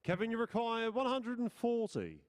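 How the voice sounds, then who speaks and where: A man working as a darts caller, announcing scores and what each player still needs in slow, stretched calls. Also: extremely high pitch, sing-song. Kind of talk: drawn-out sung score calls.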